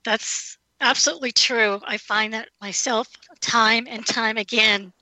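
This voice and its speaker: A woman's voice: fairly high pitch, fairly even intonation, unhurried, sharp tone, dry recording, low-quality recording. A woman hosting an interview, summing up her guest's points and asking follow-up questions. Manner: summarizing, affirming questions. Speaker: interviewer, host.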